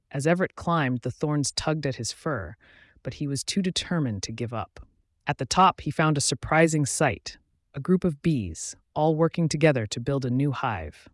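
A man narrating a bedtime story in a soothing, even storyteller's manner. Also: medium pitch, no echo, clean studio sound.

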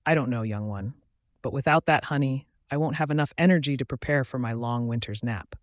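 A man doing a gruff old wise bear. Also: mid-range voice, a little fast, no room sound, clean studio sound, natural voice. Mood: worried. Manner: worried, gentle.

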